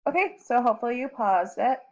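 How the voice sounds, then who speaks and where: A woman teacher slowly walking students through recorded lesson notes, with frequent ums. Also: a little high, animated. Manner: slow and deliberate, with frequent ums. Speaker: Spanish teacher. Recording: slightly dull lo-fi audio.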